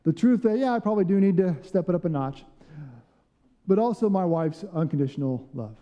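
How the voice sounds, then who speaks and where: A man's voice: sits high, animated, brisk. Man, pastor, sermon, storytelling with acted-out quotes, long church reverb, lo-fi. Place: church sanctuary.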